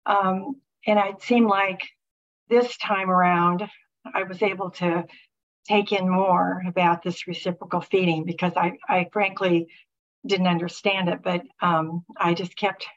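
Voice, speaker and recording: A middle-aged woman sharing a personal faith testimony with a group, talking haltingly with many restarts and fillers. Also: on the low side, flat delivery. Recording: muffled lo-fi recording.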